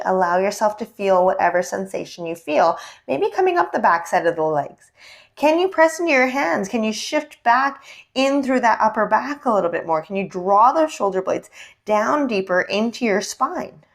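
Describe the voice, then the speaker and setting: A young woman leads a yoga class in a gentle, encouraging way, talking through the poses and checking in with questions. Her voice sits at a middle pitch for a woman. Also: expressive, moderate pace, vocal fry. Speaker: yoga instructor. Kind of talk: guided yoga class instruction.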